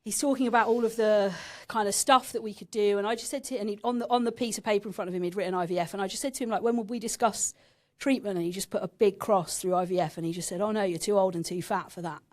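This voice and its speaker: A woman's voice: mid-range voice, quick pace, hardly any pauses, a little mellow. A woman in her thirties from England, a podcast guest frankly telling a painful personal story and swearing now and then.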